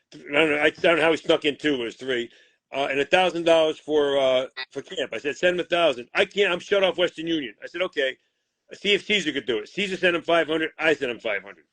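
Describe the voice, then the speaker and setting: A man who manages boxers gives an animated, foul-mouthed account of a deal gone wrong, quoting the back-and-forth as he goes. His voice is a little high, with no room sound, in what plays as a heated storytelling interview.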